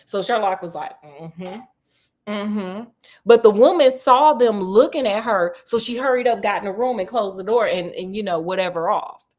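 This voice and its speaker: A woman's voice: mid-range voice, fairly quick, few pauses. A woman storyteller casually retelling a detective story in chatty slang, acting out the characters' lines as she goes.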